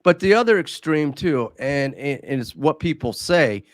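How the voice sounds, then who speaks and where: A man's voice: on the high side, animated, normal speed, no room sound. A man co-hosting a casual podcast conversation, talking in an easygoing way and often repeating words as he thinks aloud. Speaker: podcast co-host.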